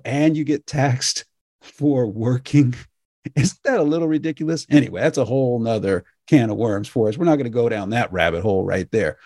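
A man's voice: mid-range voice, darkish tone, no room sound, clean studio sound. A middle-aged man hosting a radio show, talking casually and with indignation, often tossing in "right?". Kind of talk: casual monologue.

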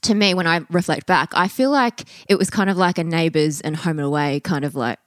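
A woman hosts a casual podcast chat, her voice sitting low for a woman. She keeps things upbeat and chatty and laughs easily. The sound is dry and close. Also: fairly quick, no room sound. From Australia. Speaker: podcast host and coach.

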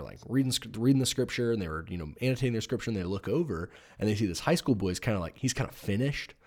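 A man co-hosting a casual podcast who teaches youth, telling animated stories with plenty of fillers. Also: fairly low pitch. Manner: storytelling, animated, many fillers. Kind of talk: casual chat.

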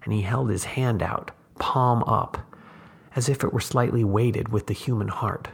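A man, the host, reading a short story aloud in measured, unhurried scripted narration. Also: on the low side, vocal fry, a little mellow, breathy edge.

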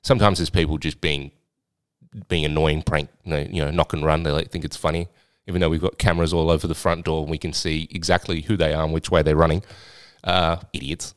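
A man's voice: very deep voice, level tone, brisk, clean tone, no room sound, clean studio sound. An Australian man hosting a podcast, telling a story in a rambling, blunt way with some swearing. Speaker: podcast host and swingers club owner. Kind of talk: casual storytelling chat.

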